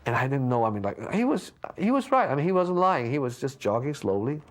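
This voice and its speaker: A man being interviewed, casually telling a story with lots of restarts and stammers, jumping up in pitch when he acts out what people said. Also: a little fast. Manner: lively anecdote with frequent restarts and stammers; acts out quoted lines with big pitch jumps.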